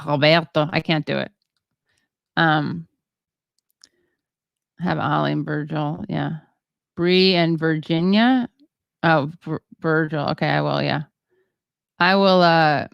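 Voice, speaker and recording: A woman hosts a livestream and chats through viewer comments, halting and full of fillers, joking at her own expense. Her voice is low and gravelly. The sound is dry and a little dull. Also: dry recording. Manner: rambling, halting, many fillers; self-deprecating, chatty. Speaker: show host. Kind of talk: casual livestream chat reading viewer comments.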